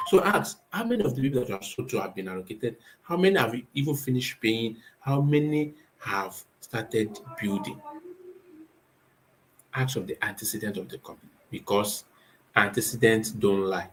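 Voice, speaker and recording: Nigerian man, real estate owner, mid-pitched, drills points with call-and-response questions. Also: lively intonation, normal speed, rough recording. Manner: emphatic, asks rhetorical questions and answers them himself. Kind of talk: spoken advice talk.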